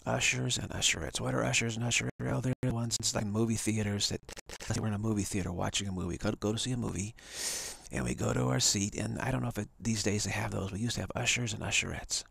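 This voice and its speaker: A man's voice: fairly low pitch, steady tone, quick pace, gravelly, a bit bright, slightly rough, no echo. A man on a live stream, telling a long hypothetical story in a rambling way with many restarts. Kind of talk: storytelling monologue. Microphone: home setup for a live stream.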